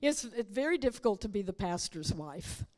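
A woman's voice: mid-range voice, big pitch swings, normal speed, a little mellow, big-room sound. A woman preaching a sermon, teaching the congregation and asking them rhetorical questions.

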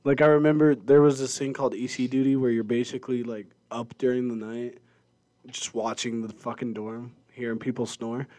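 A man's voice: medium pitch, flat delivery, brisk, mellow. A young man co-hosting a casual podcast, telling profane, laughing stories and acting out the voices in them. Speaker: podcast co-host. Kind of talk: casual chat, storytelling.

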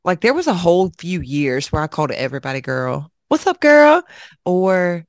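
A woman co-hosting a casual chat show, brash and quick with profanity-laced asides. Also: low voice, no room sound, studio quality. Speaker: podcast co-host.

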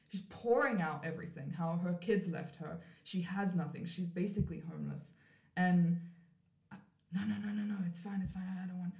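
A woman with a somewhat low voice recounts a personal story as a podcast guest, casual and animated. She acts out the voices of the people in her story and leans on "like" fillers. The room around her sounds echoey. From South Africa.

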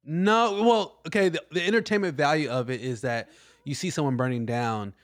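A man in casual podcast banter, his voice sitting a little high. He talks animatedly and slips into quoted voices as he tells a story. The sound is dry and close. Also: normal speed, no echo. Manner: animated, acts out quoted voices, says "bro" a lot. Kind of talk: casual chat.

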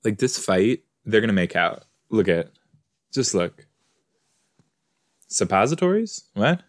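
A man's voice: lowish voice, a little slow. A man hosting a podcast, chatting casually and talking back at the screen as he watches an episode. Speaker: podcast host. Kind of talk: casual watch-along commentary.

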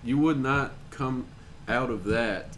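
A man's voice: mid-range voice, slow, crowd noise, poor audio. A young man with a Southern US accent, co-hosting a podcast in a blunt, crude casual chat. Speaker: podcast co-host.

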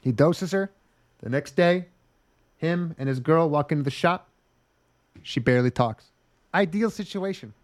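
A man co-hosting a comedy podcast, recapping an episode with animated, profane riffs. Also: fairly high pitch, a little slow, pauses often. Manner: animated, swearing, riffs with mock voices. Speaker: podcast co-host.

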